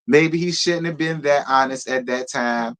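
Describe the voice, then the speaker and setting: A man's voice: medium pitch, unhurried, a bit bright. A man hosting a live review of a reality show, giving blunt, sassy and profane commentary, talking straight to his viewers and thanking donors. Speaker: reality TV recap host.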